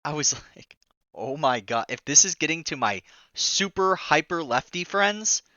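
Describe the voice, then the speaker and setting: A man hosting a political commentary vlog, excitable and indignant, exclaiming often. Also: a little high, measured pace, no room sound, dull audio.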